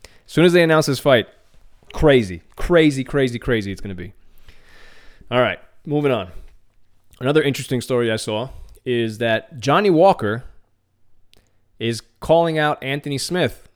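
A man hosting a podcast, chatting casually and excitedly about MMA news, often repeating words and restarting his phrases. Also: medium pitch, normal speed, pauses often. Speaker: podcast host.

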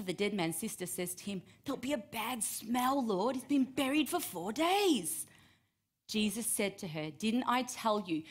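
Woman preacher retelling scripture expressively. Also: mid-range voice. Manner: expressive, acts out quoted voices with rising emphasis. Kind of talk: sermon reading and retelling scripture.

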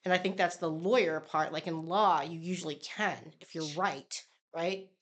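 A woman's voice: fairly low pitch, normal speed. A woman state senator being interviewed, speaking earnestly and emphatically about her time as a lawmaker. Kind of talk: conversational interview.

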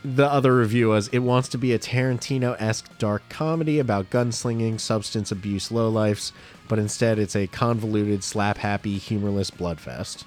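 A man's voice: lowish voice, normal speed, a little mellow, faint music behind. A man co-hosting a podcast, running a quiz game and reading reviews aloud in casual, jokey banter.

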